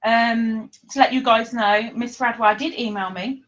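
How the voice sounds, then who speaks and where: A woman's voice: fairly high pitch, steady tone, measured pace, fairly bright tone, dull audio. A woman hosting a casual live stream from her living room, chatting, reading viewer comments aloud and laughing often.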